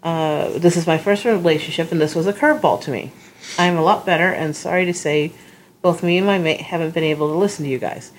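A woman with a fairly low voice reads a listener's email aloud on a casual podcast. She reads evenly and stumbles now and then with small fillers, and a faint room hiss sits under her voice. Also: fast, rough recording. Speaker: podcast co-host.

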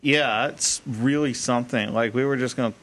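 A man's voice: mid-range voice, steady tone, moderate pace, a bit bright, slight background noise. A man co-hosting a casual podcast, crude, joking and laughing often. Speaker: podcast co-host.

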